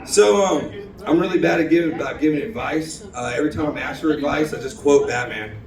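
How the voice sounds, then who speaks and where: A man's voice: on the high side, a little fast, hardly any pauses, echoey room, distant mic, poor audio. A man from Houston doing a rambling, self-deprecating open-mic stand-up set in a bar. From Houston, Texas. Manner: rambling, self-deprecating, many ums and restarts. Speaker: stand-up comedian. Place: bar stage.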